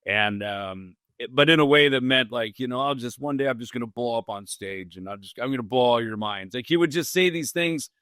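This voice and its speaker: A man's voice: mid-range voice, fairly quick, hardly any pauses, pushed and bright, no room sound. A man hosting a podcast, recounting a memory in a loose, rambling way full of "you know" asides. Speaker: podcast host. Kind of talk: casual conversational storytelling.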